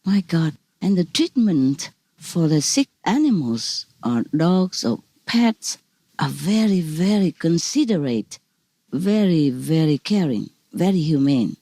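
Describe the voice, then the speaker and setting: Over a video call, a spiritual teacher shares stories in a relaxed way, laughing often as she speaks in halting, broken, repetitive non-native phrasing. She has a low, dark voice, very animated, with no echo.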